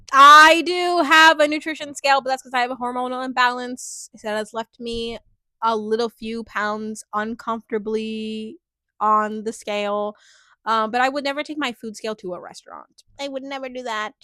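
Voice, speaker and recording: A woman's voice: fairly high pitch, fairly even intonation, moderate pace, sharp tone, dry recording, clean studio sound. A young woman vlogging a casual recap of a reality show, chatty and full of filler words. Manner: chatty, heavy filler words, frequent laughs. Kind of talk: casual reaction chat.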